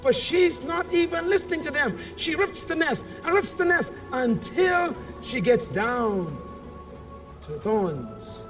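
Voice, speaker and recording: A man's voice: very high voice, sing-song, a little slow, recorded from a distance, music in the background. A man giving a motivational speech to a convention audience, telling a story dramatically and leading call-and-response. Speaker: motivational speaker. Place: large convention hall.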